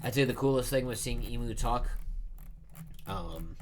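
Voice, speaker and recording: A man's voice: mid-range voice, lively intonation, measured pace, noisy background. A man hosting a casual reading and reaction, thinking aloud as he rambles through his thoughts. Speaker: manga reaction host.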